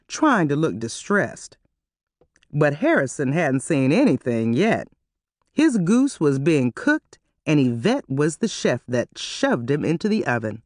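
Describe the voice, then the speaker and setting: Audiobook narrator, woman, lowish and very animated, dry close-mic sound. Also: no room sound. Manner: expressive, animated reading.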